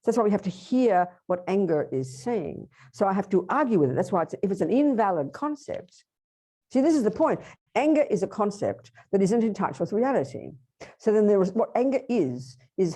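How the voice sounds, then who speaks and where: A woman teaching Buddhism at a workshop, lively, acting out inner voices and asking her listeners questions. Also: mid-range voice, moderate pace.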